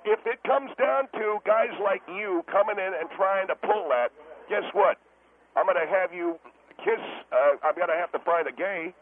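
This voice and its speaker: A man's voice: high-pitched, moderate pace, slight background noise, close to an everyday voice. A man voicing a brash, defensive male steakhouse owner calling in, stammering and blustering through a tinny phone line. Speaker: caller. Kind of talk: talk radio comedy bit.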